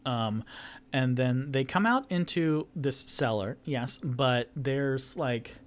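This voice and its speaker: A man's voice: mid-range voice, takes it slowly. A man narrating a solo tabletop game as game master, rambling with many fillers and restarts. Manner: rambling, filler-heavy, lively.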